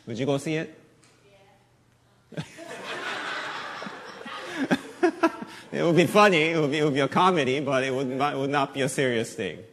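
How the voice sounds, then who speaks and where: An Asian American man, middle-aged, preaching a sermon as pastor of his church, with a slight Southern accent, shifting from hushed, earnest lines to loud, animated asides. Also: medium pitch, fast, long pauses, slight background noise. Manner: conversational preaching with wide swings in loudness, from hushed to animated.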